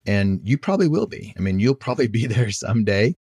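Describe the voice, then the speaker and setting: A man's voice: fairly low pitch, big pitch swings, fast talker, darkish tone, husky, no room sound, studio quality. A man hosting a business podcast who talks in a reflective, conversational way and shares his own experience. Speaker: podcast host. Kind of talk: casual interview conversation.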